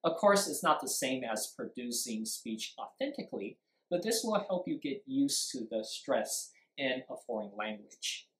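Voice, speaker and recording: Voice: mid-range voice, big pitch swings, unhurried. Emphatic teacher explaining intonation in a roomy echo. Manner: emphatic, demonstrates stress and intonation with examples; switches briefly into Mandarin to explain. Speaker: English speaking teacher. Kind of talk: live-streamed speaking lesson.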